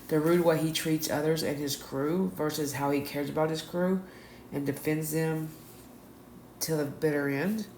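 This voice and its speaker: A woman reads her review notes in a monotone, list-like way. Her voice echoes around the room, with a faint hum of noise behind her. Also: sits low. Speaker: show reviewer. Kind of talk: reading review notes aloud.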